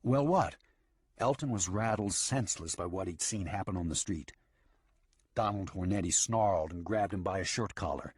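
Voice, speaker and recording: A man reading a western audiobook in a steady storytelling manner. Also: low voice, moderate pace, slightly rough, no room sound. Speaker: audiobook narrator. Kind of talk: scripted western narration.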